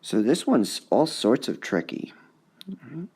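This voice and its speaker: A male high school English teacher giving a recorded lesson on poetic meter, repeating words to sound out their stresses. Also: sing-song, a little slow, darkish tone, slight background noise. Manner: sounds out syllables to mark the stresses.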